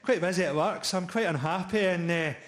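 A man's voice: high voice, fairly quick, echoey room, natural voice. A man doing a glum, rambling bloke. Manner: rambling, hesitant. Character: glum ordinary man moaning about work.

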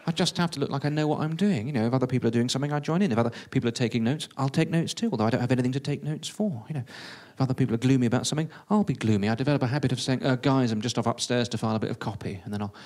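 A man tells a funny story about himself, self-deprecating and chatty. He rattles along at a brisk pace. His voice sits at a middling pitch. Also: darkish tone. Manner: self-deprecating, quick and conversational. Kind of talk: comic first-person storytelling.

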